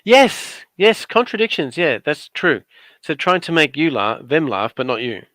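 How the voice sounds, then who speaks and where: An Australian man with a bright, forward voice trades dry, teasing jokes as a livestream commentator. The sound is close and dry, with no room echo at all. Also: fairly high pitch, sing-song, moderate pace. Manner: playful, teasing, dry asides. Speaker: guest commentator on a craft livestream. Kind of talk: casual joking livestream commentary.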